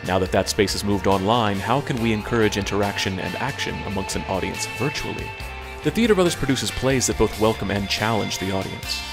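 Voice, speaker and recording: A man hosting a podcast, reading a formal scripted introduction in a measured way. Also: on the low side. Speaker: podcast host. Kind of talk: scripted podcast intro, then casual chat. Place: Cairo, Egypt.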